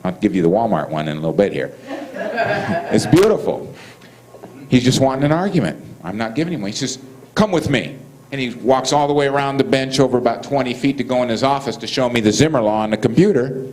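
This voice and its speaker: A man's voice: mid-range voice, animated, fast, a little mellow, low-quality recording. A man telling a story to an audience, acting out both sides of the dialogue and laughing often. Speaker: speaker telling stories.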